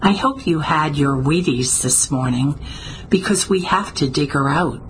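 A woman reading the lines of a brisk, determined woman who calls out brightly and coaxes her old snowmobile softly. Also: sits low, lively intonation, a little hiss or hum, rough recording.

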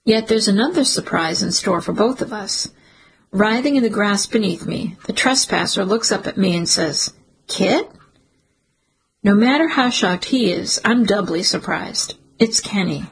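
A woman reads a first-person suspense audiobook in a steady, measured way. Her voice is very husky and breathy, with a gravelly crackle, at a middle pitch. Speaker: audiobook narrator.

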